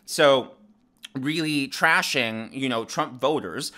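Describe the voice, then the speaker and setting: A man's voice: mid-range voice, slow pace. A man hosting his own political commentary channel, talking emphatically and breaking his points down step by step. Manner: animated, emphatic, explains step by step. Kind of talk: opinionated commentary.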